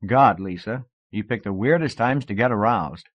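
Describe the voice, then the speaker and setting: A man reading an audiobook voices a restless, joking young man, close to his own low reading voice, on a dull cassette recording. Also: animated, moderate pace, no echo.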